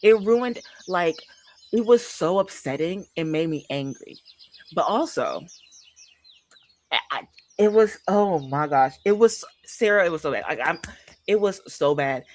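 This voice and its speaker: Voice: medium pitch, unhurried. A book streamer chatting casually on a livestream, emphatic and repeating phrases for effect while talking straight to viewers. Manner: chatty and animated, addresses viewers directly.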